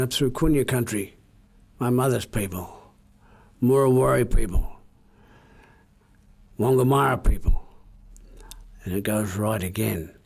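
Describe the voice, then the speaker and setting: A man with an Australian accent tells an old story aloud, his voice low, mellow and husky. He moves in a measured, repeating cadence and often sinks to a hush. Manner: measured, repetitive cadence that drops to hushed tones. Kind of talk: oral storytelling.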